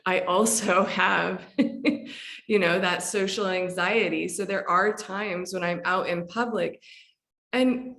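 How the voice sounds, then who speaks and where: A woman hypnotherapist explaining a calming practice in conversation, gentle and relaxed, with frequent fillers and restarts. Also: fairly low pitch, slow pace, creaky. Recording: echoey room.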